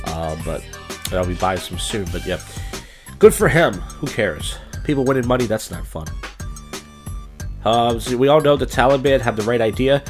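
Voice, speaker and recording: A man hosting a comedy podcast, reading odd news stories and adding sardonic, rambling asides. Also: fairly low pitch. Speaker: podcast host. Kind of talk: casual comedic news commentary.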